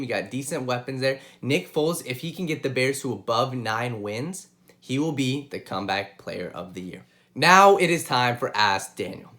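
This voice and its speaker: A man's voice: mid-range voice, a bit bright. A young man hosting his own sports show, talking straight to viewers in an impassioned way and repeating points for emphasis. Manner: impassioned, repeats himself, addresses viewers directly. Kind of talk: solo sports commentary and opinion.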